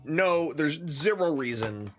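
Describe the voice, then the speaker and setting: A man streaming a video game, cracking crude jokes and laughing at himself, low on energy with a headache. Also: expressive, slow, music in the background. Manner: jokey and self-mocking, laughs often. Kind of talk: let's play commentary.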